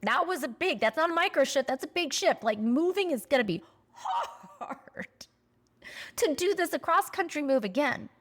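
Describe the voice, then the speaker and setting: A woman's voice: sits high, expressive, moderate pace, a bit bright. A woman in her forties talking candidly to camera in a spiritual vlog, passionate and blunt, swearing casually and getting emotional at times. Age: 40s. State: emotional, near tears at times. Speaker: spiritual vlogger.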